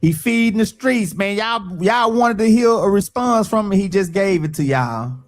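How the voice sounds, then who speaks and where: A man's voice: high voice, animated, moderate pace, soft background music. A man casually reacting to a song on a live stream, loose and profane, repeating phrases as he talks.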